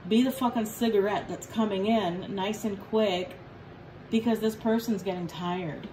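A woman giving a casual tarot reading in a blunt, profane, joking way. Her voice sits at a middling pitch for a woman. Faint room noise hums behind her. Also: fairly even intonation, unhurried, mellow, poor audio. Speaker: tarot reader.

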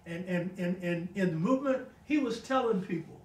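Older man, high-pitched, emphatic storyteller, casual talk, roomy echo, set back from the mic. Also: moderate pace, a little mellow, recorded from a distance. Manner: emphatic, keeps asking "you know what I mean?". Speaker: guest speaker on a talk show.

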